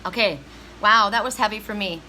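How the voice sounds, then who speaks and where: Bright-voiced woman psychic reader. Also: mid-range voice, fairly quick, a little hiss or hum, low-quality recording. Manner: emphatic, heartfelt, talks straight to viewers. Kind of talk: live-stream spiritual reading.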